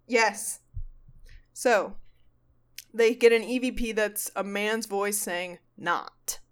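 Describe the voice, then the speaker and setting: A woman hosting a podcast in casual comedic chat, animated, swearing freely and acting out quotes. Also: mid-range voice, takes it slowly, clear, resonant tone. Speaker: podcast host. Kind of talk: casual comedic chat recapping a ghost show.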